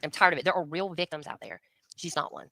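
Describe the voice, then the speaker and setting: Combative woman commentator, low bright voice, close dry sound. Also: fast, dry recording. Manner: blunt, combative, repeated challenges. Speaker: livestream co-host. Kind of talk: heated casual commentary.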